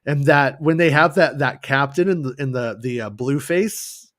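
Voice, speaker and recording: A man's voice: mid-range voice, moderate pace, fairly bright tone, no echo, clean studio sound. A man hosting a casual fan news show, chatting loosely with many restarts and joking asides. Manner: rambling, restarts, jokey put-on voices. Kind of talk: casual livestream chat.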